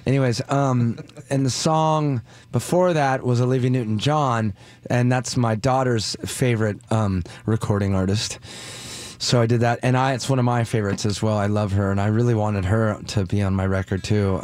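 A man's voice: fairly low pitch, fairly even intonation, normal speed, a little mellow, dry recording. A man guest-hosting a radio show in a studio, chatting in a rambling, self-deprecating, jokey way into a studio mic. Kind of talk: casual radio banter. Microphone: studio microphone.

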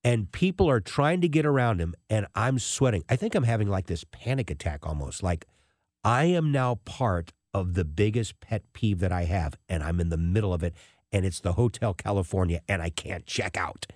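A man in his sixties hosting a radio talk show, telling a rambling, animated story with many restarts. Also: sits low, normal speed, no echo, studio quality. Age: 60s. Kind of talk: casual talk radio monologue.

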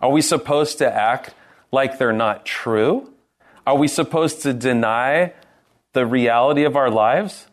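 A man preaching a sermon, earnest and animated, asking rhetorical questions and restarting his sentences. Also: medium pitch, unhurried. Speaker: pastor.

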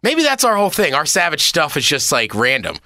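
Man, podcast co-host, reactive, lively pitch, dry close sound. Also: brisk, no room sound. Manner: reactive, chiming in with short exclamations. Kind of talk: casual chat.

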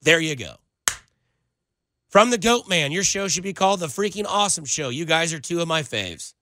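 A man's voice: a little high, lively intonation, brisk, pushed and bright, a little hiss or hum. A man hosting sports talk radio, sarcastic and ranting as he answers listener texts. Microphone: studio microphone.

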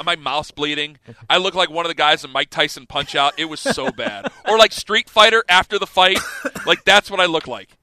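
A man in his thirties hosting sports radio, telling a story in a casual, animated way and acting out the scenes. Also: on the high side, normal speed. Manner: animated, laughing storyteller who acts out scenes.

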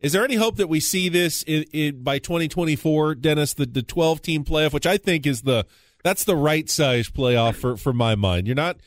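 Give me a male sports radio host with a dry, close sound, asking calm questions. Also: medium pitch, no room sound. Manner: steady, measured questioning and stats rundown.

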